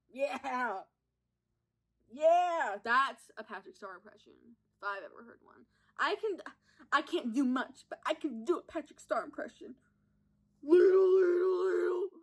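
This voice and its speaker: This young woman's voice is a little high with a fairly bright tone. Hosting a podcast, she does a casual makeup vlog at home, filmed on a propped-up phone, chatting, giggling, and mocking herself in her stories.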